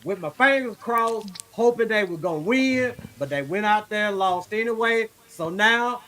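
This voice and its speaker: High bright laid-back man. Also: lively intonation, moderate pace. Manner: laid-back, profane, says "man" constantly. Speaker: podcast co-host. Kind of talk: casual sports podcast chat.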